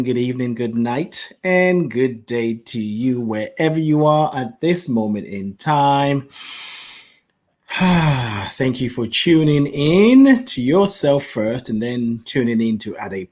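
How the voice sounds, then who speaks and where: A man hosting a reflective self-help podcast, musing aloud playfully with chuckles between slow affirmations. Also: medium pitch. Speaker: podcast host.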